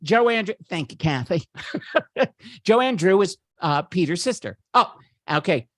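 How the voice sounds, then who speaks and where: Hosting a virtual party from home, a man does an exaggerated impression of a campy middle-aged male comedian, gleefully gushing over a photo slideshow with giggles and chatty asides. His voice sits high and sounds expressive and fairly bright, slow-paced, in a dry, clean studio recording.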